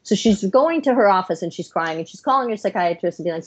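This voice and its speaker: A woman's voice: mid-range voice, expressive, fast talker, few pauses. A middle-aged woman, a psychiatrist guest on a podcast interview, explaining her views earnestly in long, flowing runs.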